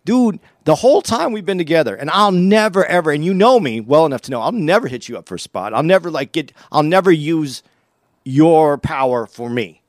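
A man's voice: on the high side, sing-song, fairly quick, no room sound, studio quality. A man, a comedian who works as an opening act, confronting his podcast partner in a heated conversation and often stammering and restarting his sentences.

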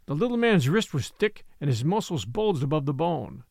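A man narrating a literary short story in a measured, storytelling manner. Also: on the high side, very animated, creaky, darkish tone, no echo, studio quality.

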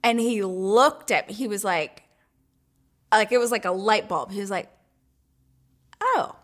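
A woman hosting her own weekly show, telling a story in a chatty, animated way, full of "like" and acting out her own thoughts in whispers and squeals. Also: medium pitch, normal speed. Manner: chatty, lots of "like". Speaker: show host. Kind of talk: casual storytelling chat.

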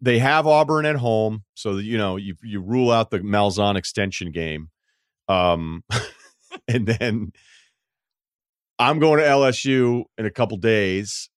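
Man, podcast host, casual sports chat, lively storyteller, lowish voice, dry close sound. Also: no room sound. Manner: animated storyteller with quick asides.

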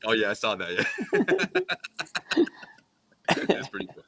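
A man on a sports podcast panel, telling an anecdote in animated, laughing casual chat. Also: lowish voice, a little slow, dry recording. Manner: animated storyteller, laughs often.

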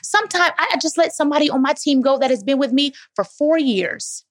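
A woman gives emphatic, motivational answers at a live Q&A, calling her listeners "baby". Her voice sits fairly high and sounds dry and close. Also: lively intonation, fairly quick, no room sound. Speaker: guest speaker answering audience questions. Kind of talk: live Q&A talk.

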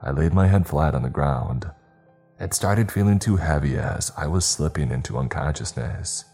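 A man reading a scripted horror story in the first person, steady and measured. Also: extremely low pitch, breathy edge, faint music behind.

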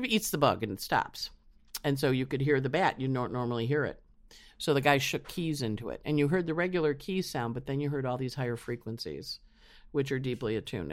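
A woman's voice: very deep voice, dry recording. Chatty woman astrologer, dry sound. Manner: chatty, rambling, many restarts. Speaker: astrologer guest. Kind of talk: casual interview chat.

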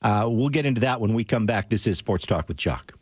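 A man's voice: lowish voice, expressive, brisk, husky, no echo. A man hosting a sports talk radio show, bantering with his co-host and reading out promos and listener texts. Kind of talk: casual radio chat.

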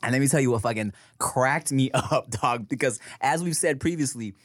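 A man co-hosting a podcast in casual chat, telling animated stories, swearing freely and laughing often. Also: medium pitch, moderate pace, no room sound, clean studio sound. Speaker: podcast co-host.

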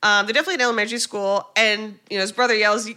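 A woman's voice: medium pitch, steady tone, racing, bright, forceful tone, smooth. A woman co-hosting a podcast, recapping a movie in a playful, rambling way with jokey asides. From United States. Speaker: podcast co-host. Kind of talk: casual comedic movie recap.

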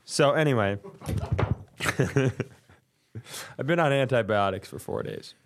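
A middle-aged man with a gravelly, medium-pitched voice and a cough, clearly sick, tells a comic story at a measured pace. As a podcast co-host in casual chat, he's animated, acts out what people said, and breaks into laughter.

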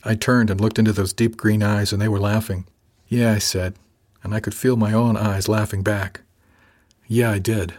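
A man narrating a story in the first person, in a calm, dryly witty manner. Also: fairly low pitch, brisk. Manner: calm, dry wit. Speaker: audiobook narrator.

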